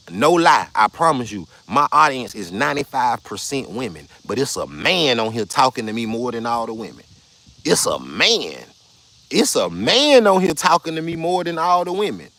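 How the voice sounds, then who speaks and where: A man's voice: a little high, a bit bright. Blunt, profane man ranting on a live stream. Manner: blunt, profane, argumentative, repeats himself. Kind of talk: casual live stream rant.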